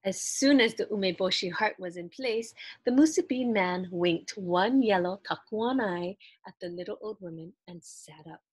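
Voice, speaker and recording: A woman reading a children's picture book aloud in an expressive, animated storytelling way. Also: mid-range voice, moderate pace, husky, dry recording.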